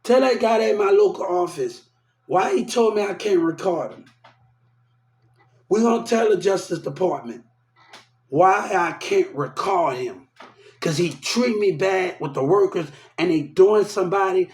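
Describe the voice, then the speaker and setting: Man, heated rant, repetitive and aggrieved, slightly high voice, roomy echo. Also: animated, a little slow, darkish tone. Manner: repetitive, aggrieved, quoting others. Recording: echoey room.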